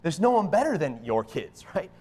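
Animated preacher man in a reverberant hall. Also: a little high, normal speed, husky. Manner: animated, emphatic, keeps asking "right?". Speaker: pastor. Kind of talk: sermon.

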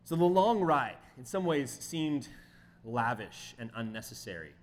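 A middle-aged man preaching, telling a travel story in an animated way, acting out quotes in sudden high voices. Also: a little slow, a little hiss or hum. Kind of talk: sermon storytelling.

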